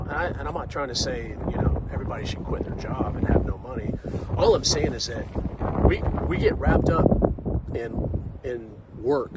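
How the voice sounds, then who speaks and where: A man's voice: medium pitch, very noisy. A man in his forties talking casually to the camera in a rambling way, full of fillers, restarts and "right?" asides as he reflects on life. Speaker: vlogger.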